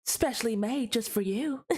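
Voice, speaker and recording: Flirty Southern belle, drawling coy Southern accent, a woman improvising it on stream, higher voice. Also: slow, darkish tone, husky. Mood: flirtatious. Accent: put-on American Southern.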